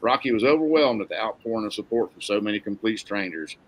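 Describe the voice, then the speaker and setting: A man's voice: on the low side, fast talker, a little hiss or hum, low-quality recording. Man reading a story aloud. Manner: steady, plain storytelling. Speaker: narrator.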